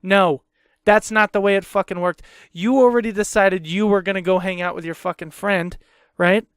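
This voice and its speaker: A man's voice: high-pitched, steady tone, fairly quick, fairly bright tone, clean tone, no echo, clean studio sound. A man hosting a podcast, ranting heatedly in a casual, profane way and repeating himself. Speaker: podcast host.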